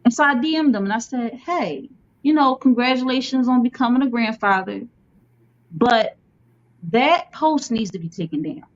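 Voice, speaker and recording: A woman's voice: on the high side, normal speed. A woman hosting a casual talk show, telling stories expressively. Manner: expressive storyteller. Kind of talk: casual chat. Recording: slightly dull lo-fi sound.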